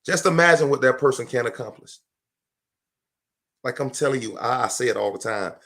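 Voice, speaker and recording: A man giving a live motivational talk, emphatic and preachy, repeating his lines for effect and breaking into loud bursts of fervor. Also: medium pitch, expressive, fairly quick. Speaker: motivational speaker. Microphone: livestream microphone.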